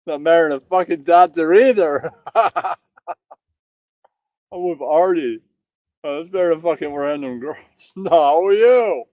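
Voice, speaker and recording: A man's voice: a little high, measured pace, a little mellow, no echo. A man in casual chat, mocking and profane as he rants.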